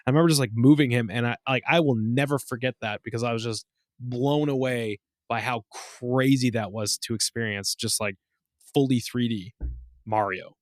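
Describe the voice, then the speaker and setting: A man in his thirties co-hosting a casual podcast, telling stories with lots of swearing and acting out quotes in a high voice. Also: moderate pace, no echo, clean studio sound. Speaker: podcast co-host. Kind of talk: casual chat.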